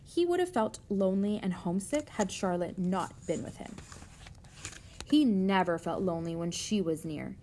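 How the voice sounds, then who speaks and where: A woman reads a children's novel aloud, steady and gentle, at a middling pitch. A faint low rumble sits under her voice. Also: normal speed. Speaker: narrator.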